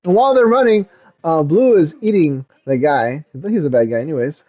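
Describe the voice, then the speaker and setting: A man's voice: fairly high pitch, a little fast, muffled recording. A man talking casually as a dad vlogger, retelling a movie in a rambling way, full of fillers like "like" and "um.".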